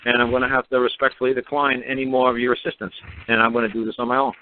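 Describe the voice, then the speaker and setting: A man's voice: medium pitch, little pitch movement, very fast. A man in his fifties telling a rambling story on a talk show, acting out quoted dialogue as he goes. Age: 50s. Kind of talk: casual storytelling monologue. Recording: tinny phone line with faint noise.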